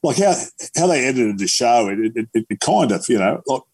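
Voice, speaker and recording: An Australian man, a former rugby player, chatting casually in a halting way with lots of fillers and repeats. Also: mid-range voice, big pitch swings, a little mellow, breathy edge. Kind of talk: casual chat.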